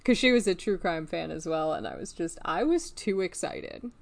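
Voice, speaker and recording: A woman co-hosting a podcast in casual chat, chatty and excitable, often laughing as she talks. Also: on the low side, normal speed, creaky, crowd noise. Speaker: podcast co-host.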